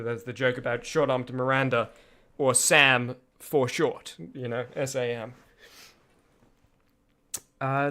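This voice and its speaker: With a mid-range, somewhat bright voice, a male streamer talks loosely over his own videos. His commentary rambles, breaks into frequent laughter and is full of restarts.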